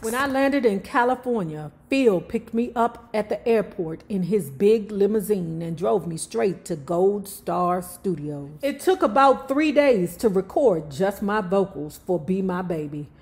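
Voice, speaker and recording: A woman reading a memoir aloud and breaking off into sassy, animated commentary full of cursing asides. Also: medium pitch, a little slow, hardly any pauses. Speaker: YouTube storyteller.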